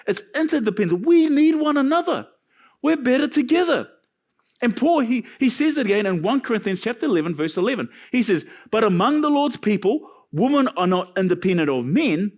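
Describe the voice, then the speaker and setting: A male pastor preaching a sermon in a church, animated and joking between points. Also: high voice. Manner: animated preaching with jokes and asides.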